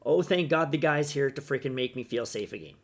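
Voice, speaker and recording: A man mockingly imitating a simpering, helpless young woman in a drawn-out, sarcastic voice. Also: mid-range voice, expressive. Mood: mocking gush.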